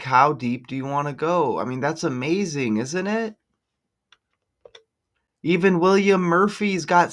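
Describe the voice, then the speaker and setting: Excitable man talking to his viewers. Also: a little high. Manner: excitable, exclaims often, talks to viewers directly. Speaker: channel host decoding news numbers. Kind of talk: casual screen-share commentary.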